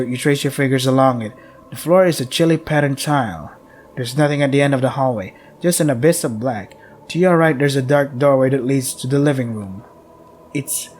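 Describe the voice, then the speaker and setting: A man's voice: mid-range voice, a little hiss or hum. A man streaming a visual novel, reading its text aloud steadily and breaking off for dry asides. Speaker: game streamer.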